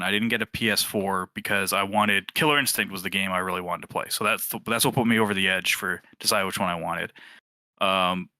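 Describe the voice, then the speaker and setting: A man in his thirties casually telling a lively story and acting out the quoted voices. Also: lowish voice, no room sound. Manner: animated, acts out quoted voices. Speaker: team member sharing a memory.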